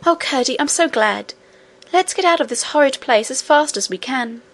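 A woman voicing an eager, hopeful little princess in a storybook reading, speaking in a hushed, eager way. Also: high voice, lively intonation, normal speed, voice pushed up.

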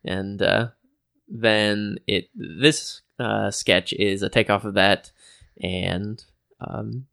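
A man with a gravelly, fry-heavy voice, co-hosting a podcast in casual chat. He teases dryly and gropes for words with plenty of fillers. The sound is dry and close, with no room around it. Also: fairly low pitch, fairly even intonation, a bit bright, no room sound. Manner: dry, teasing, halting with many fillers. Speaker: podcast co-host.

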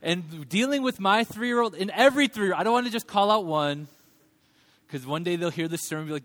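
High-voiced animated male preacher. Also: moderate pace. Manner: animated, humorous, acts out voices in quotes. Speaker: pastor. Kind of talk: sermon.

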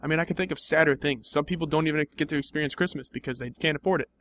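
A man's voice: on the high side, racing, fairly bright tone, slight background noise. A young man in improvised comedy banter, dry, skeptical and argumentative.

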